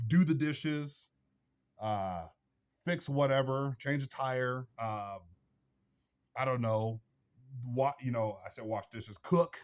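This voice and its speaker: Blunt, preachy man giving advice. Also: mid-range voice. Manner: preachy, repetitive, emphatic. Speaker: vlog host.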